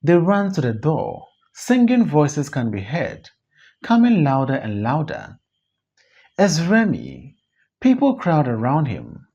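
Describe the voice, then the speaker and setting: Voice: mid-range voice, huge pitch swings, slow pace, dark tone. A reader narrating a stage play aloud, reading the stage directions and every part alone, on a dull lo-fi recording. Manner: reads stage directions and all parts alone. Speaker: audiobook reader.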